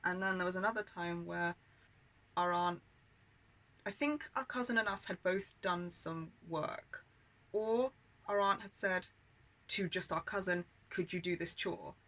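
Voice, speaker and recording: A woman's voice: fairly low pitch, unhurried, fairly bright tone, rough recording. A British woman telling childhood memories in a candid, aggrieved way, full of swearing and filler words. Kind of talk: personal storytelling monologue.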